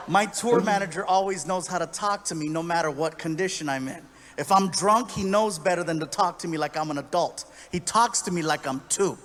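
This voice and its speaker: A man telling a story on stage in stand-up, animated and acting out other people's voices. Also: on the high side, normal speed. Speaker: stand-up comedian.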